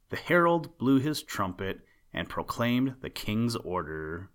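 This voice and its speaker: A man reading an old storybook tale aloud in a calm, measured way. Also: medium pitch.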